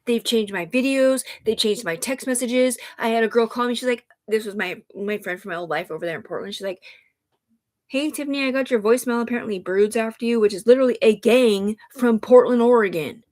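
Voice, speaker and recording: A woman with a slightly high voice rambles through a livestream monologue, agitated and profane, tripping over restarts. She keeps calling her listener sir, and she sounds upset, with sighs and sniffles between runs of talk. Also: brisk, few pauses, a little mellow.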